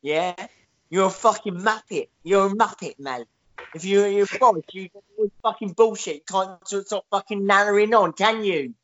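A man voicing an aggressive, swearing geezer with a gruff, raised voice. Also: sits high, moderate pace, a bit bright, voice pushed up. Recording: dull lo-fi podcast mic.

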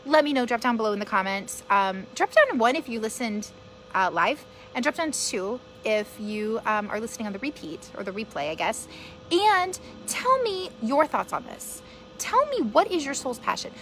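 A woman's voice: fairly high pitch, sing-song, moderate pace, fairly bright tone, soft background music. A woman hosting a casual live-stream podcast, rambling earnestly and encouraging her listeners as a mother sharing her thoughts.

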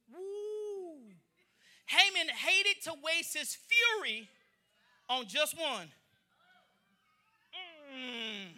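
High, bright-voiced preacher man. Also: a little slow. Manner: animated, acts out the story in voices, calls to the congregation. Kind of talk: sermon. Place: church in front of a congregation.

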